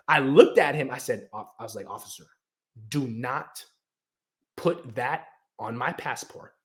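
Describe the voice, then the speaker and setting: A young man from the United States tells a long story in relaxed chat. His voice sits a little high for a man, and he livens it up by acting out what others said, laughing as he goes. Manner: animated, acts out quotes, laughs often. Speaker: guest storyteller.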